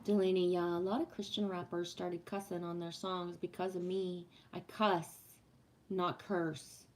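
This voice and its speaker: A woman's voice: fairly low pitch, flat delivery, measured pace, darkish tone, slight background noise. A woman livestreaming casually to viewers, ranting bluntly and swearing freely, then reading oracle cards. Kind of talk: casual live chat with viewers.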